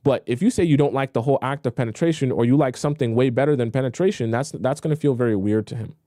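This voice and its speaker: A young man gives dating advice on a live stream in a blunt, conversational way, often repeating a phrase before he finishes it. His voice sounds mellow and relaxed, with a middling pitch. The sound is dry and close, with no room around it. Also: quick pace, dry recording. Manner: blunt, repetitive, conversational, acts out pleading voices mockingly. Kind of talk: live-stream advice talk, reading viewer questions.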